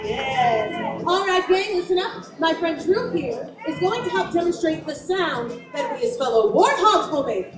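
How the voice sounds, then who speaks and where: A woman's voice: very high-pitched, lively intonation, a little slow, a crowd in the background. Sassy, teasing woman playing a stage host. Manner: teasing, flirts with audience members. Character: sassy flirty woman host named the gift. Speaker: show performer leading the crowd. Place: large theater with a live audience. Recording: roomy, distant stage recording with music.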